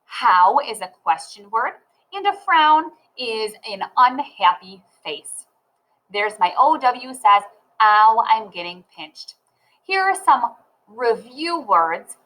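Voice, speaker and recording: A woman teaching a phonics lesson to children, sounding out letters and words slowly and clearly. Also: on the high side, big pitch swings, a bit bright, low-quality recording.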